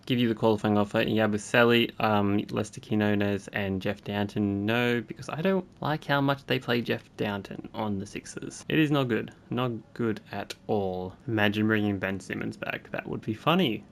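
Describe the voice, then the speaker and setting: A young man giving casual commentary while playing a basketball video game, chatting along and reacting aloud with sudden excited jumps. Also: on the low side, creaky. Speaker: gaming YouTuber.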